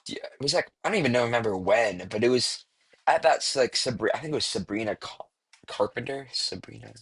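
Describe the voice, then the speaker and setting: A young man rambling through casual online commentary, swearing freely and filling pauses with "like" and "um.". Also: mid-range voice, lively intonation, a bit bright, husky. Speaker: commentary YouTuber.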